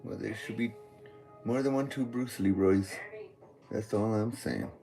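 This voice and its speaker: A man high on weed, rambling goofily in a meandering monologue addressed to God. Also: measured pace, vocal fry, mellow, soft background music. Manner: goofy, meandering, talks to God. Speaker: vlogger. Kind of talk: rambling stream-of-consciousness monologue.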